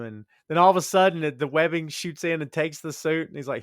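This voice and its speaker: A man's voice: a little high, quick pace, dry recording, clean studio sound. A man cohosting a casual podcast, agreeable and chatty, often saying "man" and "dude".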